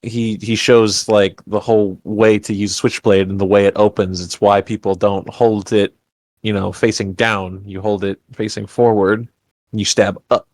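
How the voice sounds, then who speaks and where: A man's voice: fairly low pitch, moderate pace, dry recording. Male co-host, jokey sarcastic banter, dry close-miked sound. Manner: animated, joking, sarcastic. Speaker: podcast co-host. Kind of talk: casual chat.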